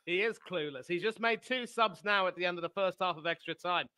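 A man co-hosting a football watch-along, calmly calling match updates and answering back. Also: high voice, fairly quick, clean tone. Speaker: co-host giving match updates. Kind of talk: casual match commentary.

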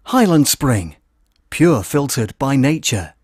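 Guy doing a scottish ad voiceover, slow drawn-out slogan, a bit higher and louder than his usual voice, dry room. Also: very animated, breathy edge, no echo, exaggerated voice. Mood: announcing. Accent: put-on Scottish. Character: Scottish male ad voiceover announcer. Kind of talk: mock commercial voiceover.

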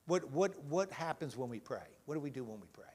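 A man leading a children's talk in church, gentle and full of questions. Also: mid-range voice, lively intonation, a little fast, slightly rough. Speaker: pastor leading a children's message. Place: church sanctuary.

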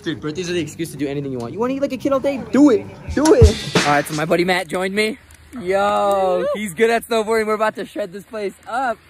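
A man's voice: high-pitched, animated, quick pace. A man vlogging casually, upbeat and laughing often. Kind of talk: casual vlog narration. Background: loud background music.

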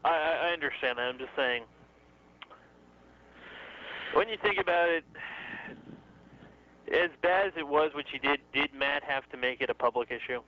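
A man's voice: on the high side, brisk. Rambling guy on a dull lo-fi podcast. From New York. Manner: rambling, with frequent fillers and restarts. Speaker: podcast co-host. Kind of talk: casual chat. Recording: dull lo-fi sound with faint noise.

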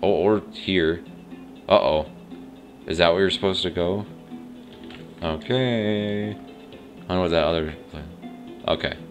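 Very deep-voiced man rambling over gameplay. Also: steady tone, unhurried, pauses often. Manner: rambling, unsure, thinks aloud. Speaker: let's play host. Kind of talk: casual gameplay commentary. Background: faint game music.

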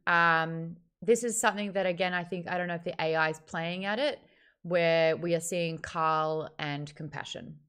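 A woman runs a live book club stream in a casual, chatty way. Her voice sits on the lower side for a woman. She reads out viewer names and comments with a lot of bounce. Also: fairly even intonation, normal speed, a bit bright, smooth.

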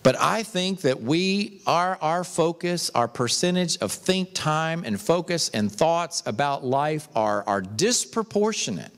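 A man's voice: a little high, lively intonation, unhurried, hardly any pauses, fairly bright tone, big-room sound. A man preaching an emphatic sermon as a pastor, speaking in a church sanctuary.

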